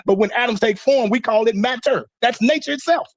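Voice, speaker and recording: A man's voice: very high voice, brisk, no room sound. A man on an online panel call, lecturing with confidence and insisting on his own theory. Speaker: panel speaker.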